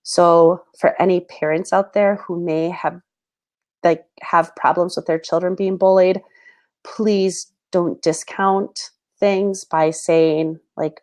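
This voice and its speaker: A woman host in her thirties speaking earnestly and haltingly with many fillers, close to tears. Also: fairly low pitch, fairly even intonation, a little mellow. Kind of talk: personal talk to camera.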